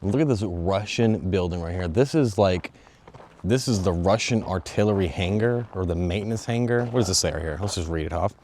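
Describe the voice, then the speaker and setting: A young man filming a casual walking travel vlog, talking straight to viewers in a joking, excitable way with plenty of swearing, out of breath as he goes. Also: deep voice, brisk, slight background noise. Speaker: travel vlogger. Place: outdoors and in stone tunnels of a sea fortress. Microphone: phone on a selfie stick.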